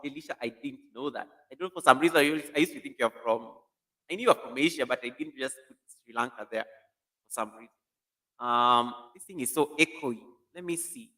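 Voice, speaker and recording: A man's voice: mid-range voice, sharp tone. A man hosting a casual live stream, animatedly greeting viewers by name while testing a new computer mic in an echoey room.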